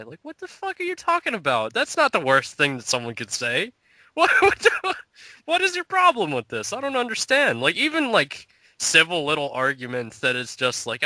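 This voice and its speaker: A young man with a very bright, sharp voice that swings widely in pitch as he talks in disbelief on a podcast. He sits a little above the usual male pitch, recorded dry and close. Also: normal speed, dry recording, poor audio. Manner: incredulous, animated, laughs often. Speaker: podcast co-host. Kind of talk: profane casual chat.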